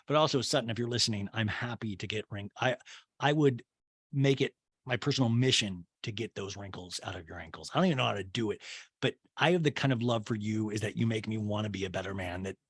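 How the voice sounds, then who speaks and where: A man's voice: on the low side, fast, slightly rough, no room sound. A man hosting a comedy podcast, recapping a reality show in a rambling, profane, joking way. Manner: rambling, profane, jokey asides and impressions. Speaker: podcast host.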